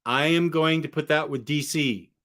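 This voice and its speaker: A man's voice: on the high side, moderate pace, a bit bright. A man chatting casually on a livestream from his apartment, rambling and answering viewers' questions as he goes. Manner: rambling, restarts often, answers chat questions. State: has the hiccups. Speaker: comic book collector streamer. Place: apartment room among bookshelves.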